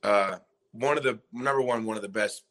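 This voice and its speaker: A man's voice: on the low side, moderate pace, fairly bright tone. A young man in his twenties, a former college basketball player, telling a long story on a podcast and acting out what people said. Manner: rambling, retells scenes by quoting himself and others. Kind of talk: casual storytelling interview.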